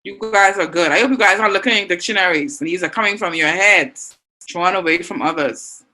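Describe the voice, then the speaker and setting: A woman's voice: fairly low pitch, fairly quick, bright, forceful tone, rough recording. Encouraging Bahamian woman teaching online. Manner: encouraging, reads out student answers. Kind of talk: online class lesson.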